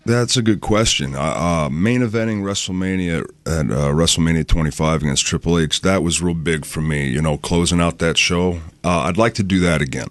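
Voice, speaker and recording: A man with a low, monotone voice, chatting casually as a guest in a radio studio and telling rambling stories. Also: brisk, few pauses, dry recording. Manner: laid-back, rambling storyteller. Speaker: radio show guest, pro wrestler. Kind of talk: casual chat.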